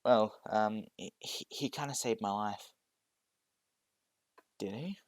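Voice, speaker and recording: A shy, grateful teenage girl, as a male narrator puts her on, stumbling hesitantly over her words. The voice stays low, close to the reader's own in a homemade fan story. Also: slow pace, no echo.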